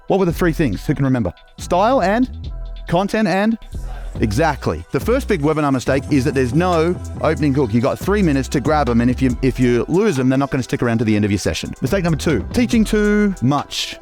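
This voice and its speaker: A middle-aged man with an Australian accent, giving an animated seminar talk and asking the audience questions. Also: medium pitch. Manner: animated, quick, asks the crowd questions. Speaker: business coach.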